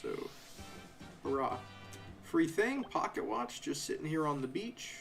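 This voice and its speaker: Young man, fairly high voice, casual game commentary, sarcastic rants, faint music under him. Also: measured pace, vocal fry. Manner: ranting, sarcastic, animated asides. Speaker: game streamer. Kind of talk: casual live playthrough commentary.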